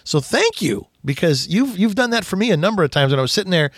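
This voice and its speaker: A man's voice: sits high, very animated, fast talker, dry recording, studio quality. A man hosting a business radio talk show, rambling animatedly and acting out little quotes.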